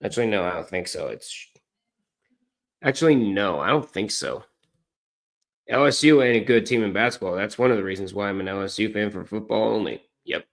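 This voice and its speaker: A man's voice: fairly low pitch, expressive, a little fast, gravelly. Rambling, self-correcting male streamer. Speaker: streamer watching college basketball. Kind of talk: casual live-stream commentary.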